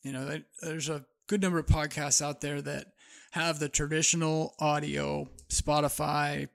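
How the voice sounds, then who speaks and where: A man's voice: a little high, flat delivery, moderate pace, gravelly, fairly bright tone. A man co-hosting a podcast in casual, rambling chat, laughing easily. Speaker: podcast co-host.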